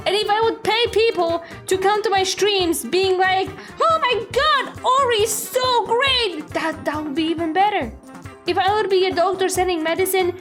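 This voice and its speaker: A woman from Poland with a Polish accent, chatting playfully as a streamer reacting to a video. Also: very high-pitched. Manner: chatty and playful, with slightly broken phrasing. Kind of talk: casual reaction commentary.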